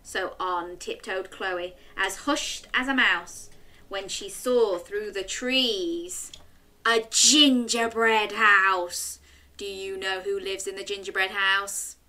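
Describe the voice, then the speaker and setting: A woman reading a picture book aloud to children, animated and asking her listeners questions. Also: medium pitch, slow. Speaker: children's story reader.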